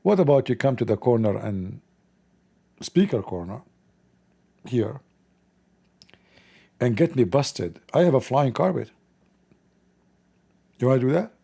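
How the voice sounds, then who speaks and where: Gravelly, dark-voiced middle-aged man preaching. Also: medium pitch, animated, a little slow, pauses often. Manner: blunt, mocking and preachy, in broken grammar. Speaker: livestream host. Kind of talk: casual livestream chat and preaching.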